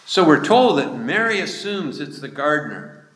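A man preaching a sermon, slowly retelling a scripture passage. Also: a little high, big pitch swings, a bit bright. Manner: slow, measured retelling of scripture with quoted speech. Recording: echoey hall with long reverb.

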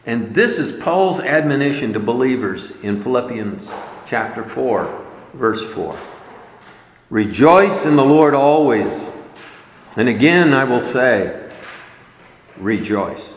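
Male preacher, slow and emphatic delivery, long reverb of a hall. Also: medium pitch, animated. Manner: emphatic, repeating key words. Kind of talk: sermon.

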